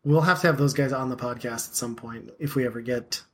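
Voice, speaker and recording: A man's voice: mid-range voice, fairly quick, a bit bright. Thirtysomething podcast host guy, rambly and self-deprecating, says "like" a lot. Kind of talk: casual podcast chat.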